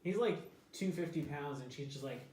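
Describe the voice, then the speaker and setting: A man's voice: fairly high pitch, lively intonation, normal speed, a little mellow. A man co-hosting a podcast who chimes in with dry asides during a casual film discussion. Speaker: podcast co-host. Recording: echoey room, faint noise.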